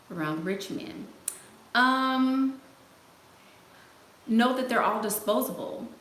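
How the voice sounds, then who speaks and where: A woman's voice: fairly low pitch, fairly bright tone. Sassy laughing woman on a livestream. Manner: sassy, laughing, playful slang. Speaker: host answering live chat. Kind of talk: casual livestream chat. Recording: echoey room, faint noise.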